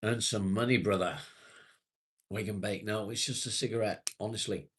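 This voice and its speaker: A man's voice: lowish voice, fairly even intonation, moderate pace, a bit bright, slight background noise. A British man chatting casually and rambling to viewers on a livestream, swearing now and then. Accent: British English. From England. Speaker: live streamer.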